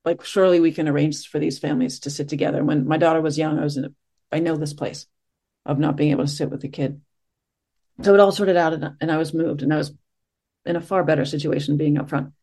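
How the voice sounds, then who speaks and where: A middle-aged meditation teacher giving a soft-spoken, reflective talk after a group sit, pausing often and searching for words. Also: mid-range voice, steady tone. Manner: soft-spoken, gentle, searching, with many pauses and fillers.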